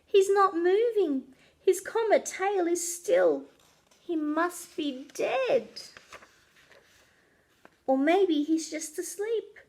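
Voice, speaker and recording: Animated woman reading a children's story. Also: extremely high pitch, very slow, pauses often. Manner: expressive, animated storytelling with voices. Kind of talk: children's story read-aloud.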